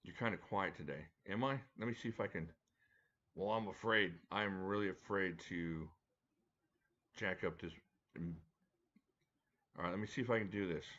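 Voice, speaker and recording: A man with a deep, fairly bright voice speaks at a measured pace with frequent pauses, and the recording sounds muffled. He hosts a casual knife-review live stream from home on a desk mic, reading viewer comments and chatting and joking with people by name.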